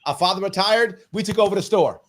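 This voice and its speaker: Emphatic New man, higher voice. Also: fairly quick, fairly bright tone. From New York. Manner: emphatic storyteller who acts out quoted voices. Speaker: political guest. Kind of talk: animated interview talk.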